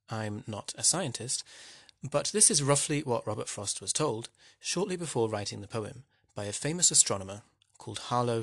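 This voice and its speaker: A man's voice: medium pitch, fairly bright tone, breathy edge, dry recording, clean studio sound. A man teaching literature in a wry, conversational way, posing questions to the listener as he explains a poem. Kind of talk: explanatory lesson narration.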